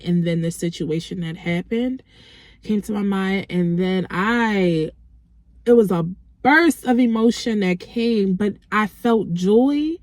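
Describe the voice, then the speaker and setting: Slow, halting woman sharing a testimony. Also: medium pitch, no echo, clean studio sound. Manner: halting, reflective, with frequent restarts. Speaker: vlogger. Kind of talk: personal faith testimony.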